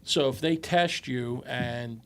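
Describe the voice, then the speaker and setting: A man co-hosting a podcast in casual chat, halting and often repeating his words. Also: medium pitch, clean tone. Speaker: podcast co-host.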